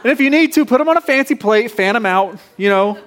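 A man's voice: very high voice, expressive, fast, fairly bright tone, a faint crowd. A man in his thirties preaching a sermon, casual and playful, with joking asides to the congregation. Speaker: pastor.

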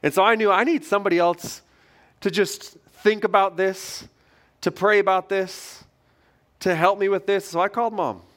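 High-voiced pastor preaching conversationally. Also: male voice, moderate pace. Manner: conversational storytelling with lively shifts in loudness. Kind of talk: sermon. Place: church stage.

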